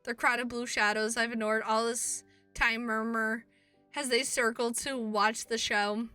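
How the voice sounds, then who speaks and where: A woman streamer reading a visual novel aloud and reacting, expressive, swearing and laughing at herself. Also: on the high side, measured pace, smooth, distant mic, faint music behind. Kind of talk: game playthrough, reading and reacting.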